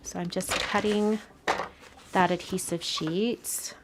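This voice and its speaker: A woman hosting a live card-making demo, chatting casually and dropping to soft murmurs while she works in her home craft room. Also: medium pitch, fairly even intonation, takes it slowly, background noise.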